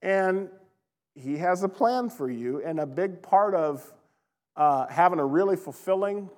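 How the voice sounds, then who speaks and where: A man preaching a sermon as pastor, in a conversational, animated way, laughing now and then. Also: on the high side, moderate pace, in a large hall.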